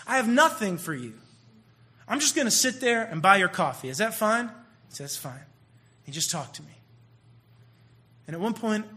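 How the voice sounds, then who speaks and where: A man tells stories in a sermon, his voice high and bright. He drops to near-whispers, then surges back loud and animated. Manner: animated, swings between hushed and loud. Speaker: youth minister. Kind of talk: sermon storytelling.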